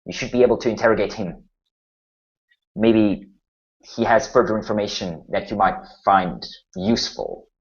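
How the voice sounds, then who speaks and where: A man's voice: lowish voice, normal speed, creaky, pauses often. A man voicing a grim human general who speaks formally and gives orders. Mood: formal, stern. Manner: formal, commanding speech. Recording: muffled lo-fi recording.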